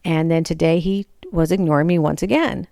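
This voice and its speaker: A middle-aged woman tells a long, exasperated story in a casual, rambling way, with a gravelly edge running through her low voice. She often acts out what she said in a higher voice. The sound is dry and close, with no room behind it. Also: fairly quick, warm tone, dry recording.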